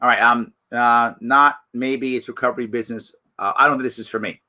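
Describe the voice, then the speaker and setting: A middle-aged man hosting a live political talk show, giving animated, emphatic commentary full of rhetorical questions. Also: mid-range voice, brisk. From New York.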